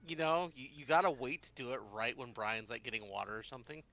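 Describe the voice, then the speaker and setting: Teasing man with a gravelly voice. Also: medium pitch, fast, bright, forceful tone. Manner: teasing, laughs often. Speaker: player. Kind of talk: casual chat among friends.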